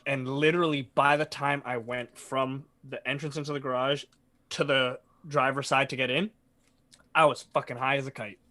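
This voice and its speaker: A man co-hosting a podcast, telling an animated story in casual chat and swearing freely. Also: mid-range voice, a little fast. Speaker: podcast co-host.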